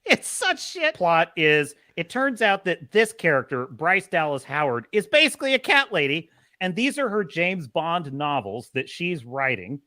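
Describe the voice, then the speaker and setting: A man hosting a live stream, ranting through animated, profane commentary. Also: a little high, moderate pace. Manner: animated, swearing, exclaiming. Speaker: host of a live show.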